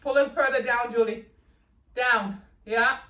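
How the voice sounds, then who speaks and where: A woman's voice: on the high side, fairly even intonation, unhurried, bright, forceful tone. A woman fitness instructor coaching a workout class, upbeat and a little out of breath as she cues moves and counts down reps. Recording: echoey room, voice from far off.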